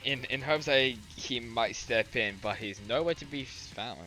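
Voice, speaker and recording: A man's voice: medium pitch, a little slow, bright, forceful tone, faint music behind. A man reading a game's narration aloud with a wry, teasing manner, stumbling over words now and then. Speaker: friend reading narration on a stream. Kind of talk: reading game narration aloud, casual chat.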